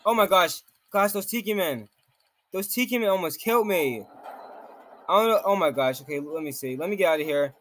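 Jumpy high-voiced male game streamer. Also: expressive, fairly quick, a bit bright, a little hiss or hum. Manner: jumpy, exclaims often, reads game text aloud. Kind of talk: gameplay commentary.

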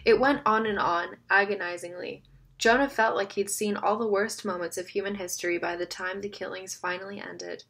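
Gravelly-voiced woman narrating a story. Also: mid-range voice, steady tone, normal speed, fairly bright tone. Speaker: audiobook narrator. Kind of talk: scripted narration.

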